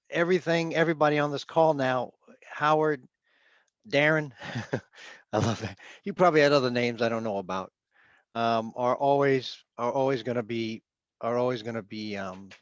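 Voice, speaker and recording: Casual: new guy remembering his old bandmate over a video call, storytelling, drops to quiet pauses, lo-fi dry audio. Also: mid-range voice, no room sound. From Queens, New York. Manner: warm storytelling, trails off into soft pauses. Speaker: friend and bandmate giving a tribute.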